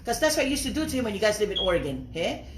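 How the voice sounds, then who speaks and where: Fast, heated woman. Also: mid-range voice, big pitch swings, a little hiss or hum. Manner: confrontational, mixing Tongan and English. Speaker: livestreamer. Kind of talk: heated live-stream rant. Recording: roomy echo.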